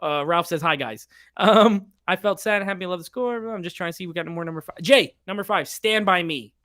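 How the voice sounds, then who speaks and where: A podcast host chatting casually on a live stream, reading viewer picks aloud in a playful, animated way. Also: medium pitch, fairly quick.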